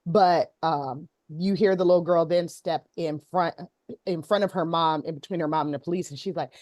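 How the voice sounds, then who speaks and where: A woman's voice: fairly low pitch, fairly even intonation, moderate pace, a little mellow, no room sound, clean studio sound. A woman hosting a casual talk show, retelling a viral video with many ums. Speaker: host. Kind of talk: casual chat.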